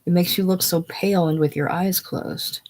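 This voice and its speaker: A reader voicing a tender, protective young woman speaking gently, in a casual play reading. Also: mid-range voice, fairly even intonation, normal speed, natural voice. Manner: gentle, soothing.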